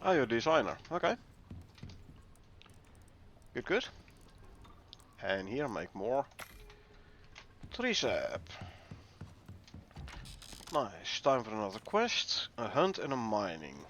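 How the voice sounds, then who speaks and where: A man with a Dutch accent talks unhurriedly through a game livestream, greeting viewers as he goes. His voice has a gravelly edge and swings up and down a lot. A faint hiss of noise sits under the recording. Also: mid-range voice, takes it slowly, pauses often, lo-fi sound. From Netherlands. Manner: relaxed, chatty, greets viewers while playing. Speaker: gaming livestreamer. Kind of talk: casual livestream commentary.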